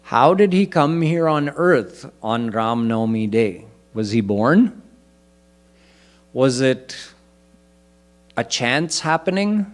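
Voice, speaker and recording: Slow, measured male spiritual teacher. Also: mid-range voice, expressive. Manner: slow, deliberate explanation of scripture, chanting verses in between. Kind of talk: sermon.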